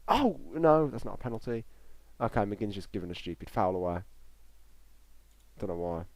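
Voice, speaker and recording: A man's voice: sits low, a little fast, a little mellow. A young man giving live, chatty football reaction commentary on a stream, rambling between play calls and chat replies.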